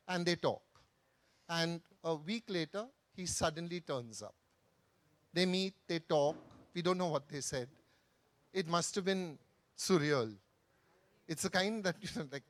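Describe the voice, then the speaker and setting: A man telling an anecdote on a festival stage, with lively asides in Hindi. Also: high-pitched, dry recording. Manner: animated anecdotal storytelling, mixing in Hindi phrases. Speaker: author on a festival panel. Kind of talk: storytelling talk on stage.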